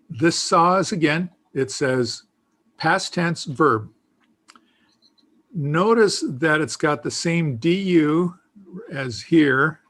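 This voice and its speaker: A man teaching a beginners' Greek class in a slow, patient, explanatory way, with frequent fillers. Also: on the high side, fairly bright tone, slightly rough. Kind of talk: casual teaching.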